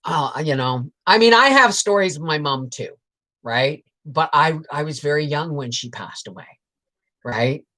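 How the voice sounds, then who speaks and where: A woman's voice: deep voice, animated, unhurried, sharp tone. A woman telling rambling, frank family stories on a casual livestream, greeting viewers and reading their comments between tales. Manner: rambling and frank, peppered with swears and laughter. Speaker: homestead channel host on a livestream.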